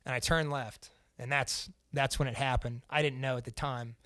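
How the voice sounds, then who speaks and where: A man's voice: medium pitch, fairly even intonation, moderate pace, fairly bright tone, no echo, studio quality. Casual young man telling a story. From Central Indiana. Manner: casual and profane, acts out the quoted lines. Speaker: podcast guest.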